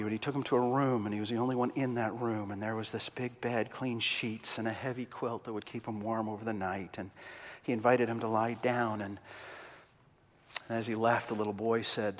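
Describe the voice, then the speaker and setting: A man preaching a sermon and telling a story, impassioned, swinging between loud outbursts and quiet, slow passages. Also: lowish voice, steady tone. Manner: impassioned, big swings in loudness. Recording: long hall reverb.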